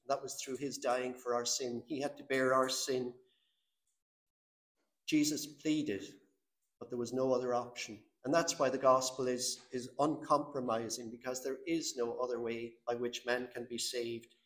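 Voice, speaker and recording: A man preaching a sermon in an earnest, emphatic way, often repeating words as he builds his points. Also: mid-range voice. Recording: echoey room.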